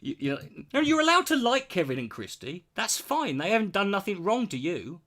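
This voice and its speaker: A man's voice: sits high, very animated, brisk, a bit bright. A British man in his forties, ranting bluntly and sarcastically with heavy swearing while answering his chat. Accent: British English. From Britain.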